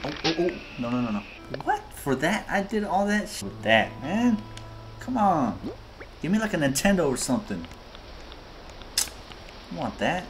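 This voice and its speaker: A man hosting a gaming video, giving excitable, slangy let's-play commentary straight to his viewers. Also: a little high, moderate pace, pauses often. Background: game music.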